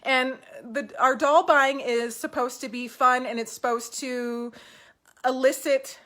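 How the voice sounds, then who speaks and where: A woman's voice: high-pitched, fairly even intonation, measured pace, fairly bright tone. Upbeat woman chatting at home. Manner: upbeat, encouraging, rambling with fillers. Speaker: doll collecting vlogger. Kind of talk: casual talk to camera.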